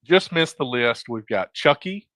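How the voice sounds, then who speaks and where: A man hosting a casual panel chat and walking through a ranked list, low-key, his phrases often trailing off quietly. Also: animated, a little slow, no room sound. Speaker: podcast host running the list.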